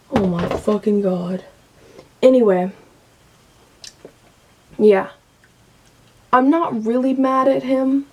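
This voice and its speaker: A woman's voice: on the high side, fairly even intonation, takes it slowly, long pauses, darkish tone, slightly rough. A young woman in her late teens, venting candidly and emotionally to camera and swearing freely. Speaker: vlogger.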